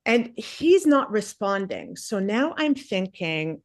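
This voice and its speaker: A woman's voice: mid-range voice, sing-song, slow pace, no room sound, clean studio sound. A woman in her forties doing stand-up comedy, telling a rambling self-mocking story and acting out the other people's lines. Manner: chatty, self-mocking, acts out quotes.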